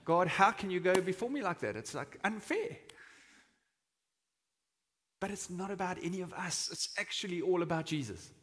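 Male pastor, fairly high bright voice, chatty sermon, lingering hall reverb. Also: quick pace, hardly any pauses. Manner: conversational, dramatizes quotes with shouting. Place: church hall. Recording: long reverb of a church hall.

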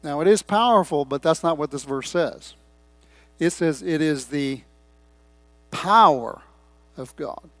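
A man's voice: fairly high pitch, moderate pace, no echo. A man preaching a sermon, reading scripture and stressing key words while asking the congregation questions.

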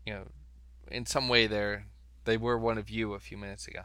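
A man's voice: lowish voice, little pitch movement, brisk, pushed and bright, smooth, no room sound. A man hosting a casual podcast chat, asking questions. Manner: questioning, restarts words. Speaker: podcast host.

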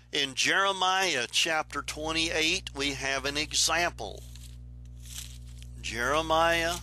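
Slow-paced bright-voiced male Bible teacher. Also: medium pitch. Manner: unhurried, explanatory, reads scripture aloud then comments.

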